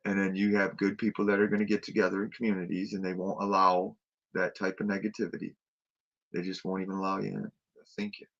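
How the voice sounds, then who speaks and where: A man's voice: sits low, level tone, quick pace, gravelly, a bit bright. A man ranting with heavy swearing in a casual late-night chat, recorded with dull lo-fi sound. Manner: ranting, profane, emphatic.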